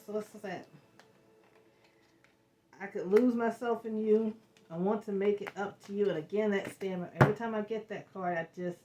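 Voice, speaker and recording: A woman giving an emotional tarot reading, talking in halting, searching bursts with repeated words. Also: mid-range voice, darkish tone. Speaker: tarot reader. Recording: echoey room.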